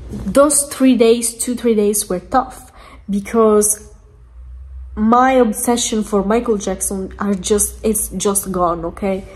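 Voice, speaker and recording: A woman's voice: mid-range voice, steady tone, slow, darkish tone. A woman vlogging from home, ranting angrily with lots of swearing and emphatic repeats. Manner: angry, profane, emphatic ranting. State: angry. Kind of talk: ranting vlog chat. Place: lying down at home.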